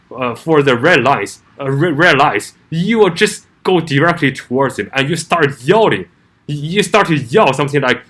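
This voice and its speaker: A man's voice: fairly high pitch, a bit bright. A man delivering an argumentative opinion vlog, firing off rhetorical questions and often restarting his words. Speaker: commentary vlogger.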